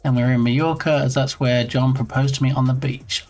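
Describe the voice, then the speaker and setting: A man's voice: mid-range voice, fairly even intonation, a little fast, darkish tone, faint music behind. A man chatting casually on his game development live stream, playful and reading viewer messages aloud.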